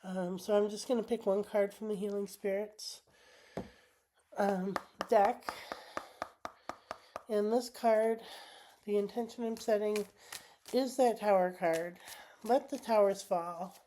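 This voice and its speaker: A woman vlogging while sick, talking through a tarot card reading in a halting way, with many pauses and restarts. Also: medium pitch, fairly even intonation, noisy background. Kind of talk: casual spoken vlog.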